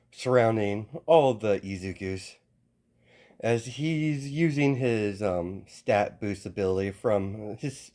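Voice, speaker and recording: A man narrates an improvised fan story, stopping often to restart and correct himself. His voice sits a little low and sounds soft and mellow. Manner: halting, full of restarts and self-corrections.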